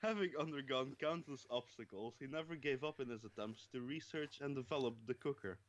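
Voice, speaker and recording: A man's voice: medium pitch, fairly quick. A man co-hosting a comedy podcast, reading news articles aloud and laughing through them. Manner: reads headlines, breaks into laughter. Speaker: podcast co-host. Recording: dull lo-fi podcast audio.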